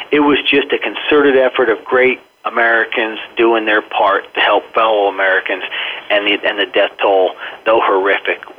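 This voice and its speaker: A man giving an earnest first-hand account as a guest in a radio interview, often restarting his phrases. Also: mid-range voice. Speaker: interview guest recounting events. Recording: tinny phone line.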